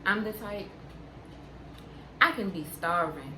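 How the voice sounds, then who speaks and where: A young woman vlogger chatting candidly to camera, unhurried and frank, repeating her points for emphasis. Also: medium pitch. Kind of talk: candid casual chat to camera. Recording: roomy sound with steady background noise.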